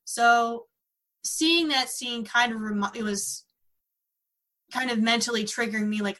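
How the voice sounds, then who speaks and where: Podcast co-host, woman, chatty and emotional, bright tone. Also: fairly high pitch, a little slow, pauses often. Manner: chatty, emotional, laughs often. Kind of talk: casual podcast chat.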